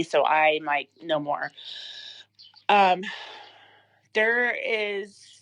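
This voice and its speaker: A woman's voice: on the low side, no echo. A woman in her thirties telling an emotional personal story as an interview guest, with many fillers and restarts.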